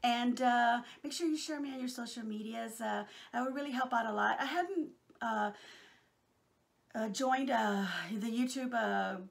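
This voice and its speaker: Middle-aged Texan woman, crafting vlogger; chatty, affectionate, fry in the voice. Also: on the high side, a little slow. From Texas, USA. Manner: chatty and affectionate, rambling with many fillers. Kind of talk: casual chat to viewers.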